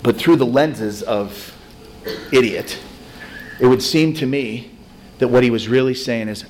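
A man giving a conversational, self-deprecating spiritual talk to a recovery group, telling stories with animated energy. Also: mid-range voice, a little slow, long pauses, a little hiss or hum. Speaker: recovery meeting speaker.

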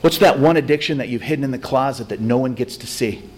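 Man giving a lively spiritual recovery talk. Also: mid-range voice, fast talker, a little hiss or hum. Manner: conversational, self-deprecating, animated storytelling. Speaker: recovery meeting speaker.

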